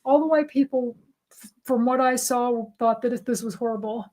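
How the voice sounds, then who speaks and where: A woman co-hosting a relaxed livestream, with a slightly high voice. She talks bluntly and chattily, speaking her mind without much filter. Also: normal speed. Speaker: co-host. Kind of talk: casual livestream chat.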